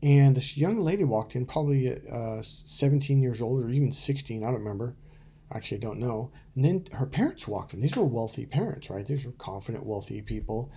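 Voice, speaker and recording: A man's voice: mid-range voice, lively intonation, a little fast, creaky, dark tone, husky. A middle-aged man, a dating coach, talking bluntly and profanely to camera, telling stories and acting out quotes. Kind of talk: casual to-camera coaching talk.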